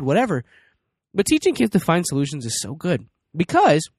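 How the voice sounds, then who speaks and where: A man's voice: a little high, dry recording, clean studio sound. A man in his thirties giving casual parenting advice, acting out little dialogues between parent and child. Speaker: parenting speaker.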